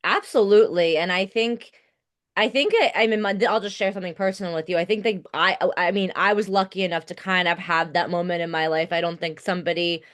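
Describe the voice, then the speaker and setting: A woman's voice: on the low side, a little fast, fairly bright tone. A woman hosting a podcast, talking casually and reflectively, with many filler likes. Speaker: podcast host.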